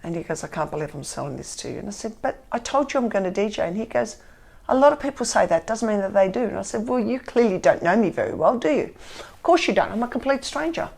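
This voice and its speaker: A woman's voice: on the high side, quick pace, creaky. A woman, candidly telling her own story and acting out what people said to her. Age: 50s. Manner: animated, acts out quotes.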